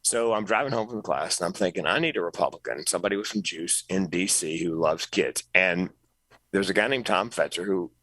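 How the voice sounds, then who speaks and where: A middle-aged man, a comedian, telling an animated story as a podcast guest, jumping up in pitch when he quotes people. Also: fairly quick, no echo, low-quality recording. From North Carolina, US. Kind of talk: storytelling interview.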